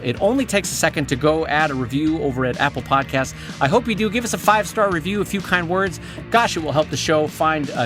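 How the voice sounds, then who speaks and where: A man co-hosting a podcast in casual chat, playful and jokey, reading the show credits and sponsor notes. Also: a little high. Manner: playful, jokey, slips into silly voices. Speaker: podcast co-host.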